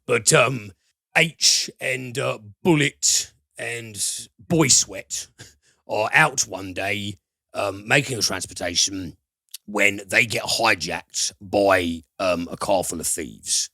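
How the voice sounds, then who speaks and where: A man hosting a podcast, retelling a film plot in a casual, halting way full of fillers, with the odd swear word. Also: on the low side, creaky, sharp tone, no room sound. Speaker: podcast host, film reviewer. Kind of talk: casual film review chat.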